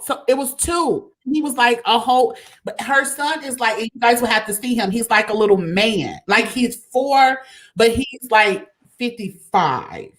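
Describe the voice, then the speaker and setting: A woman's voice: on the high side, a bit bright. Laughing woman host leading the talk. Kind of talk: casual chat.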